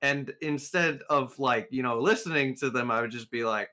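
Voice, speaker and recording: A young man co-hosting a casual podcast, sarcastic and excitable, swearing heavily as he vents about school rules. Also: mid-range voice, moderate pace. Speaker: podcast co-host. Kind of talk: casual ranting chat.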